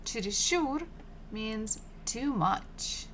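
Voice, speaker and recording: A woman gives a live-streamed Russian lesson from home, talking very slowly and repeating every word several times. Her pitch is ordinary for a woman, and her tone is patient and chatty. Faint keyboard typing sits behind her voice. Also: lively intonation, fairly bright tone, a little hiss or hum. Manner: slow, patient, repeats words several times, chats with viewers. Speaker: Russian language teacher.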